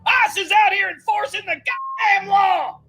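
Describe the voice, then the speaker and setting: A man plays an enraged drill sergeant who hurls insults at his recruits. He shouts hard and bright, tearing into every line. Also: very high-pitched, a little slow, soft background music, heavily acted. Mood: barking. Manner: barking insults. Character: furious male drill sergeant berating recruits. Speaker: drill instructor.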